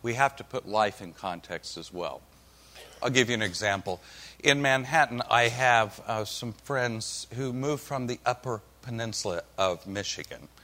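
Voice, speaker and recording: Man, pastor from oklahoma, sermon, folksy, wry humor, mid-pitched voice. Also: normal speed, pushed and bright. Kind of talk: sermon with storytelling.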